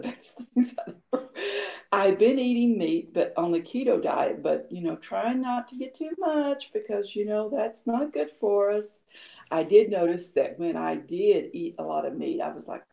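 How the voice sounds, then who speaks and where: A woman's voice: on the low side, creaky, mellow, echoey room. A woman in her fifties casually telling her own story, chatty, with lots of fillers and acted-out quotes. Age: 50s. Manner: chatty, many fillers, laughs often, acts out quoted lines. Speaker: guest sharing her health story.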